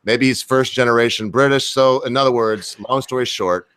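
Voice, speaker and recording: A man hosts a live stream in a loose, folksy way, tossing out jokes as he chats. His voice sits at an ordinary middle pitch. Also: moderate pace, fairly bright tone, smooth. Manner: folksy, chatty, joking. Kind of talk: casual group chat on a live stream.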